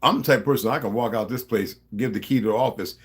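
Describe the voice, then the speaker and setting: A middle-aged vlogger with a New Jersey accent addresses his subscribers in a rambling, profane, confrontational monologue. His medium-pitched voice is fast and slightly rough.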